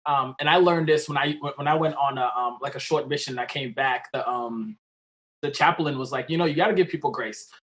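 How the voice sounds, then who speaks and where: A man's voice: mid-range voice, a little fast, fairly bright tone. A man hosting a podcast interview, eager and agreeing, with many fillers as he talks. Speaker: podcast host. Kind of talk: casual interview conversation.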